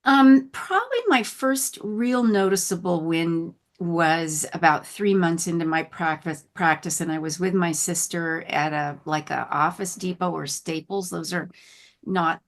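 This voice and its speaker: Gravelly-voiced woman telling her story. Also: on the low side, unhurried. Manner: animated, laughs often, drops soft when moved. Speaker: guest sharing recovery story. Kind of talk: candid conversational storytelling.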